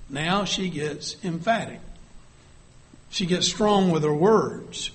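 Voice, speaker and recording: A man preaching a sermon, reading scripture aloud and dropping to a hush for vivid scenes. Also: sits high, animated, unhurried.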